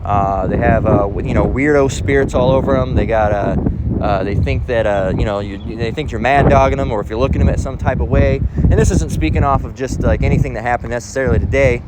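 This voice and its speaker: A man's voice: medium pitch, quick pace. Man, informal street-style sermon, rambling, emphatic, profane, wind and traffic noise behind. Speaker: preacher.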